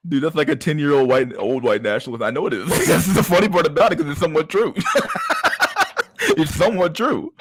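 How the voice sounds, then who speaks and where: A man's voice: a little high, fairly quick, slightly rough. A man casually commenting on memes on a livestream, profane and rambling, with frequent stammered restarts. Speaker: streamer reacting to memes.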